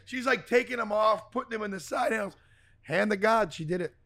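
A man with a fairly high voice tells a story in a casual, animated way. He acts out what other people said and swears freely as he goes. He also reads ads like a show host. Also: fairly quick.

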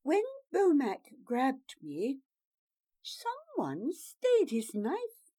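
A proud young princess barks clipped orders in a high, bright voice that swoops through wide, lively leaps. She is defiant and imperious, raising her voice to command, as a woman reads her out from a storybook. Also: drawn-out words, exaggerated voice.

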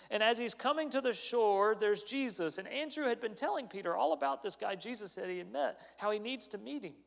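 High-voiced pastor preaching in a hall. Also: male voice. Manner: storytelling, earnest. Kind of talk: sermon. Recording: long hall reverb.

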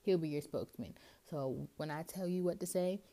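A blunt, slangy God who talks down a nervous prophet with emphatic insistence, as a woman puts him on. The voice sits low and mellow, with a relaxed warmth under the bluntness. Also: moderate pace. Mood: exasperated. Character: casual, blunt God speaking to a reluctant prophet.

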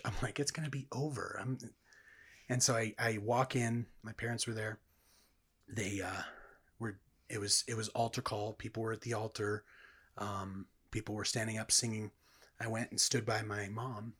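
Low husky-voiced man sharing his testimony. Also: fairly bright tone. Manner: earnest, reflective storytelling. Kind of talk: personal testimony in conversation.

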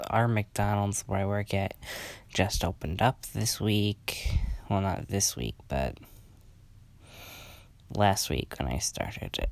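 Slow, gravelly-voiced sleepy young man. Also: on the low side, a little mellow, dry recording. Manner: rambling, halting with many restarts. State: sleepy, yawning. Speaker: podcast host. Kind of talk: casual solo podcast chat.

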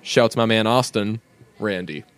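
A man's voice: lowish voice, unhurried. An American man co-hosting a podcast, chatting casually with a joking, rambling manner and frequent laughs. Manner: joking, rambling, laughs often, slips into goofy voices. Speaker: podcast co-host. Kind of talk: casual chat.

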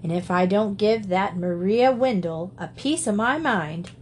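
A woman's voice: medium pitch, a little slow, slight background noise, natural voice. A woman voicing a fiery young woman cousin who speaks hotly and outspokenly. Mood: heated. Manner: hot, outspoken.

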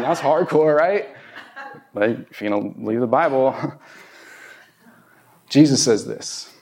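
A male pastor giving a sermon in a church, telling stories in a conversational way, with loud emphatic bursts and hushed whispered pleas. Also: mid-range voice, vocal fry. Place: church sanctuary.

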